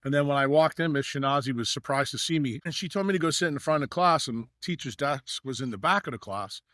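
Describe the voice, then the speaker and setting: A middle-aged man from New York, a guest on a podcast, tells long, winding stories full of "uh" and "you know." He slips into the voices of the people in his tales. His voice sits at an ordinary pitch, and it is caught close and dry, with no room sound. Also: fast talker, a bit bright, dry recording. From New York, USA. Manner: rambling anecdotal telling with many fillers, acting out quoted dialogue. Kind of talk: storytelling in a podcast interview.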